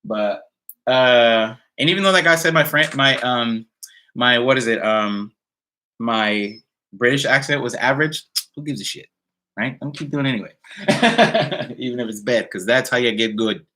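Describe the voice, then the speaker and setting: A man's voice: medium pitch, lively intonation, moderate pace, bright, forceful tone. A man chatting casually on a live stream and answering viewer comments, rambling with many fillers and sounding a little tired. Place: indoors at home.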